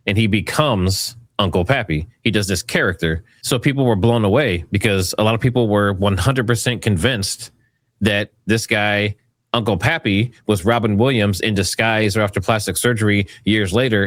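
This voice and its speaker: This is a man hosting an online commentary video with a fairly low voice. He talks casually and speculatively, circling back over his points, and the sound is dry and close. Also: fairly bright tone, no echo. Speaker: commentary host.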